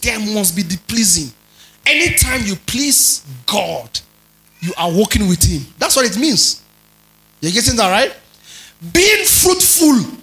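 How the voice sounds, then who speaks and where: A man preaching a teaching sermon, stretching and stressing key words, rising to loud emphasis and checking in with his listeners. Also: high voice, low-quality recording. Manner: checks in with listeners, tells them to underline words.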